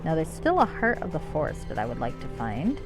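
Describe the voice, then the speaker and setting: A woman's voice: sits low, huge pitch swings, a little fast, over music. A woman streaming a fantasy role-playing game, making wry, joking asides as she plays. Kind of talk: live game-stream commentary.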